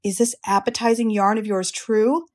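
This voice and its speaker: A woman's voice: mid-range voice, steady tone, moderate pace, natural voice. A woman doing a grumbling greedy barn rat. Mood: eager. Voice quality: grumbling, eager for food.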